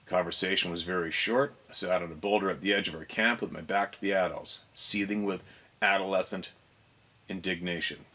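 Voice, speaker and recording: A man hosting a show, reading a first-person story aloud, unhurried, stopping now and then to reread or fix a slip. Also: sits low, bright, forceful tone.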